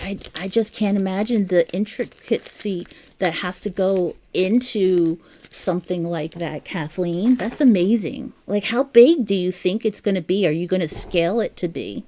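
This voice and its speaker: A woman's voice: medium pitch, mellow. A woman chatting casually while she crochets on a livestream, reading out viewer comments, chatty and easily amused. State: has the hiccups.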